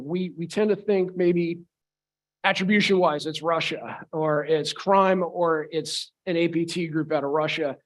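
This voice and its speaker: A man giving a conference talk in a conversational way, often restarting with repeated words. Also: on the high side. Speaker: conference speaker.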